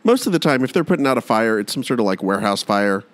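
A man co-hosting a comedy podcast in casual chat, animated, with self-mocking deadpan asides. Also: on the low side, fast talker. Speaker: podcast co-host.

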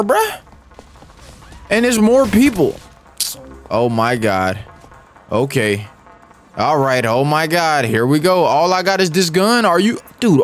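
Excitable young man with a drawl. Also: high-pitched. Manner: excitable, slangy, repeats phrases, mutters rap lines. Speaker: gaming YouTuber. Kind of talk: live gameplay commentary.

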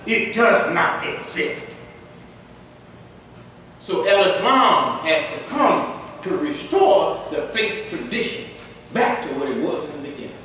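A high, bright-toned man preaching a Friday sermon as an imam, his voice ringing out in a large mosque prayer hall. He builds to loud, emphatic declarations and slows down to hammer each point home, pausing to clear his throat. The recording comes from a distance, with a long, roomy echo and faint background noise. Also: big pitch swings. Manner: slow, deliberate delivery with frequent throat clearing. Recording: echoey hall recording from far off.

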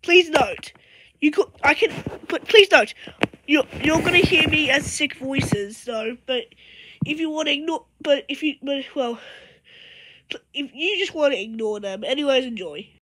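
Sick lady host rambling an intro, high voice, noisy recording. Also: unhurried. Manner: rambling, restarting sentences. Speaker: channel host. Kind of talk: casual video intro.

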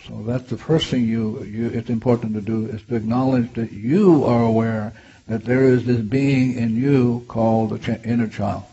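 Male meditation guide, slow and gentle, mellow tone, muffled recording with light hiss. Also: mid-range voice, fairly even intonation. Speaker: healer guiding a meditation. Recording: dull lo-fi clip with faint hiss.

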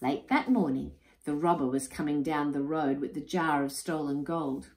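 A woman reading a children's picture book aloud, expressive and unhurried. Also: low-pitched, background noise. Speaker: storyteller. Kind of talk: children's story read-aloud. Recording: roomy echo.

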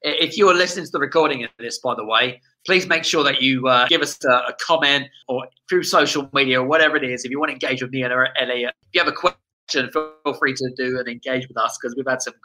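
A man's voice: medium pitch, fast talker, bright, forceful tone, low-quality recording. A man hosting an interview, talking with enthusiasm and rambling through many restarts. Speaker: podcast host. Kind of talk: casual interview chat.

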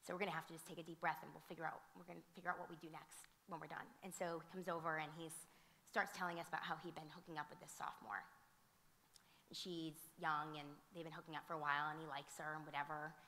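A woman who teaches and directs theater, speaking on a panel and telling animated stories full of fillers and restarts. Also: low voice, fast, a little hiss or hum. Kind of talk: conversational storytelling at a conference. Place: museum auditorium. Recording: reverberant hall sound.

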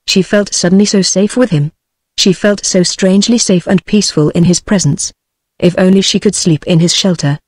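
A British text-to-speech woman voice narrating an audiobook in an even synthetic manner. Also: fairly low pitch, husky, no echo. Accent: British English.

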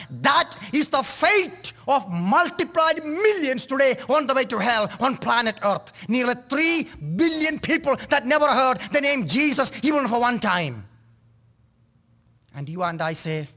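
High-voiced man preaching fervently. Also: very animated, measured pace, pushed and bright. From India. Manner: impassioned, rising to fervent cries. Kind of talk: sermon.

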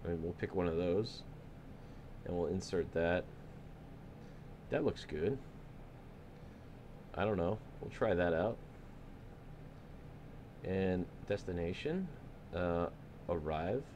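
A laid-back man streams a flight simulator, chatting loosely with viewers and cracking jokes. His voice sits low but moves up and down a lot as he talks. A faint hum of ambience sits behind him. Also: expressive, slow, pauses often, a little mellow. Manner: laid-back, joking, thinking aloud. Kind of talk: casual live-stream chat.

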